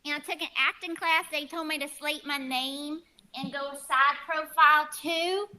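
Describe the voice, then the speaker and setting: A woman's voice: high-pitched, steady tone, normal speed, pushed and bright. Woman doing a chirpy animal-noise auditioner. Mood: eager. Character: odd, overeager small woman auditioning. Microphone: video call.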